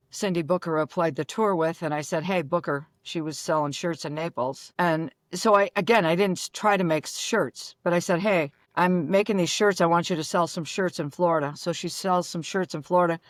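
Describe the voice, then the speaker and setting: An older woman from Buffalo, a guest telling brash, rapid-fire stories with acted-out dialogue. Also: fairly low pitch, no room sound, clean studio sound. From Buffalo, New York. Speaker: guest, former pro golfer. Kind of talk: animated storytelling.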